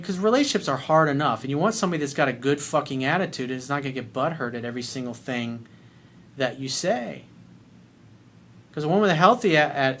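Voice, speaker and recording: A man's voice: on the high side, fairly bright tone. A man giving dating advice in a video coaching monologue, blunt and emphatic, swearing freely.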